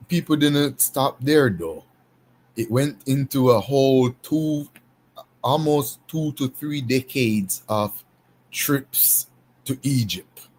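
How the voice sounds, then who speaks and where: A man hosting a casual panel discussion, talking in an unhurried, emphatic way with frequent restarts. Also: fairly low pitch, a little mellow, a little hiss or hum. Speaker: panel host.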